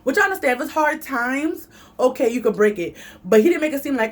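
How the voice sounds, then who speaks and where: A woman telling a story in an animated, chatty vlog. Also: fast. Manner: animated and chatty, big swings in pitch. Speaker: vlogger.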